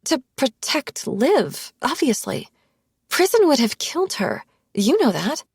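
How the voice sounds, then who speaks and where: A woman narrator plays a ruthless young woman who talks in clipped, forceful bursts, pitched a little above the reader's own gravelly, husky voice. The reading is audiobook dry, close and plain. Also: big pitch swings, slow, no echo, heavily acted. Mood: irritated.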